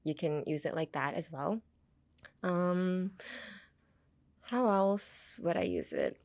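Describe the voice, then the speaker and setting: A woman's voice: on the low side, slow pace, a little mellow. Chatty bilingual woman teaching English. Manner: chatty, switches between English and Japanese, laughs often. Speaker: podcast host teaching English through anime lines. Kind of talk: casual bilingual teaching chat.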